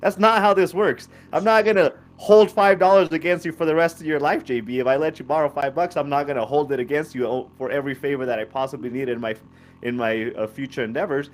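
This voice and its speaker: A man co-hosting a sports podcast, arguing his view in a measured, hesitant way. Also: fairly high pitch, fairly even intonation. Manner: measured, hesitant, reasoning aloud. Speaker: podcast co-host. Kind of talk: casual sports debate.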